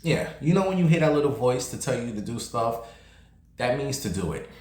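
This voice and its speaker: A man tells a long story straight to the camera, sassy and blunt. His pitch sits in the middle, and the room around him is echoey. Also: sing-song, fairly quick, darkish tone. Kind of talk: casual storytelling vlog.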